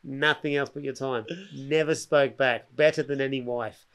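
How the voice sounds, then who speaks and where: A man's voice: mid-range voice, moderate pace, clear, resonant tone. An Australian man chats as a podcast guest, spinning a long yarn in a loose, rambling way full of slang. He keeps stopping and restarting his sentences and slips into other people's voices to act out what they said. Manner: animated, acts out other people's lines. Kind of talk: casual storytelling chat.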